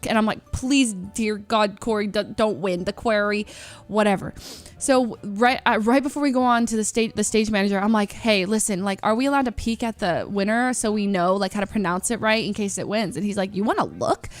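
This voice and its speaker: A woman's voice: medium pitch, brisk, faint music behind. A woman streamer casually telling a story, acting out what other people said and filling her speech with "like". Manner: chatty, acts out quoted people, lots of "like".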